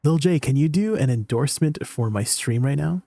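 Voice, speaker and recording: A man's voice: fairly high pitch, lively intonation, normal speed, gravelly, warm tone, no echo, studio quality. A man chatting casually to viewers on a live game stream, laughing often and joking around.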